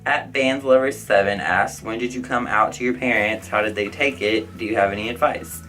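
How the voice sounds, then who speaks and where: Chatty young man, loud and outspoken. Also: on the low side, normal speed, faint music behind, poor audio. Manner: chatty, outspoken, lots of "like" and "I don't know". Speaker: vlogger answering viewer questions. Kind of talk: casual Q&A vlog.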